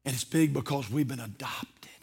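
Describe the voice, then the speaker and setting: A man preaching a sermon, telling stories with dramatic swings from shouting to whispering. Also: mid-range voice, normal speed, vocal fry, slightly rough. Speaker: pastor.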